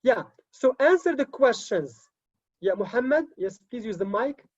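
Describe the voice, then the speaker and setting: A woman's voice: on the high side, expressive, a little slow, darkish tone, muffled recording. A woman teacher trainer giving an online class lecture, repeating key words and checking in with frequent okays.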